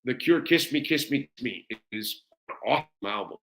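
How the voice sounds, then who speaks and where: Man, middle-aged, from the US, live-show host, casual chat, enthusiastic, rambling, lots of fillers, average pitch. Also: animated, brisk, creaky, a bit bright. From United States. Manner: enthusiastic, gushing and rambling, with many fillers and repeats. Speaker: sports radio host. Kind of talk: casual live-stream chat answering viewer comments.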